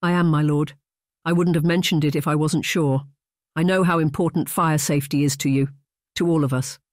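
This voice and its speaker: A narrator voicing a worried, deferential household maid who speaks in a hushed, hesitant way. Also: female voice, sits low, steady tone, brisk, dry recording, clean studio sound, lightly acted.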